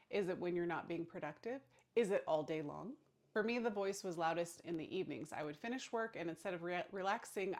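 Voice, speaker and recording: Soft-spoken woman giving calm self-help advice. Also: on the low side. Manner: calm, slow and gentle, drops to a soft hush on key phrases. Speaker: therapist and burnout coach. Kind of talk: reflective self-help talk to camera.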